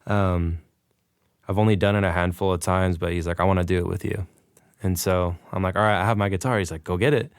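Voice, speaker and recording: This guest's voice sits low and is clear and resonant, with a brisk delivery. He excitedly recounts a casual story on a podcast and acts out the dialogue. The recording is dry and studio quality.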